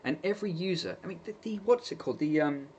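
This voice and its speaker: A man's voice: high-pitched, fast, a little mellow, dull audio, a little hiss or hum. Exasperated man ranting. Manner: exasperated, sarcastic, mocking quoted voices. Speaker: vlogger. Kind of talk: opinion rant to camera.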